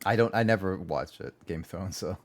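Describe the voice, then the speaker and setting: A man's voice: deep voice, a little fast. A man streaming a video game, chatting casually and rambling, often repeating his words. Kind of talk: casual gaming livestream chat.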